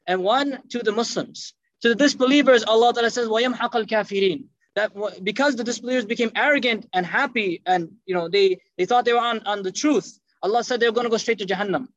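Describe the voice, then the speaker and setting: A man giving an animated sermon, telling stories and acting out the people in them. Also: high voice, no echo, highs cut off. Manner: animated, acts out quotes in dropped voices. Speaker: Islamic lecturer. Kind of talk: lively sermon storytelling.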